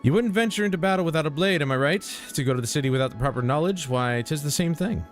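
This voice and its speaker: A boastful townsman from a video game lectures in a high, pushed-up voice full of rhetorical questions, put on by a man reading the lines. He sounds preachy and sure of himself. Quiet game music runs underneath. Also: lively intonation, quick pace, close to an everyday voice.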